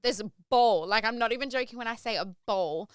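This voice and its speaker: A woman's voice: on the high side, brisk, clean tone, dry recording. A young woman hosting a podcast, telling a travel story in a chatty way and acting out the quotes, with lots of "like". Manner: chatty, says "like" often; acts out quoted lines. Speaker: podcast host. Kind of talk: casual storytelling monologue.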